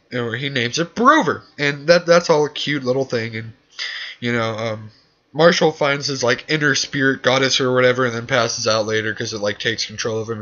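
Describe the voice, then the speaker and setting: A young vlogger recaps a TV episode in a casual, rambling way, his medium-pitched voice pushed and bright. He fills his talk with fillers and sarcastic asides, and the lo-fi gear makes the recording sound dull.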